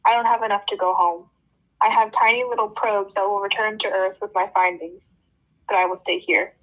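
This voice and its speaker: A young woman hosting a book club, reading a novel aloud in an animated first-person voice with casual asides. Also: medium pitch, a little fast, low-quality recording.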